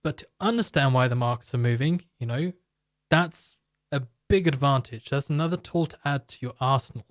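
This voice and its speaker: A man's voice: medium pitch, a little fast, dry recording, studio quality. Rambling man hosting a live market stream. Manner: loose, rambling explainer who jokes with chat viewers. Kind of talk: live market commentary and product pitch.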